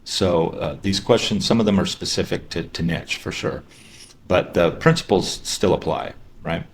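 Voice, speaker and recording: A man's voice: low voice, normal speed, vocal fry. A man giving a casual sales training lecture, talking loosely with fillers and restarts. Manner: conversational, many fillers and restarts; acts out sample questions in a lighter voice. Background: dogs barking.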